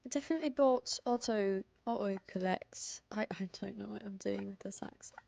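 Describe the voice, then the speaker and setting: A woman's voice: medium pitch, normal speed, vocal fry, mellow, a little hiss or hum, natural voice. A young woman putting on a playful fake British accent, mock-indignant and theatrical. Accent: put-on British.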